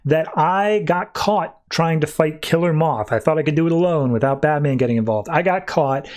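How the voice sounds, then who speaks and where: A man's voice: fairly high pitch, moderate pace, a little mellow, close to an everyday voice. A man voicing a charming, cocky young male hero in a casual comic recap, close to his own voice. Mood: breezy.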